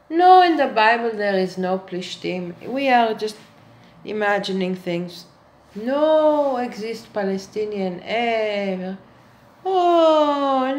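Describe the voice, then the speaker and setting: A woman's voice: medium pitch, low-quality recording. A woman giving a sarcastic monologue to camera, speaking with mock-earnest irony and addressing her viewers as children. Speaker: satirical vlogger.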